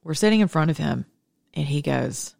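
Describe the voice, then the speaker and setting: A woman telling her viewers a personal story in a casual monologue, animated and blunt, with sudden leaps in pitch and loudness. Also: normal speed, gravelly. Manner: blunt and opinionated, swears and then apologizes. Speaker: mother sharing a personal story.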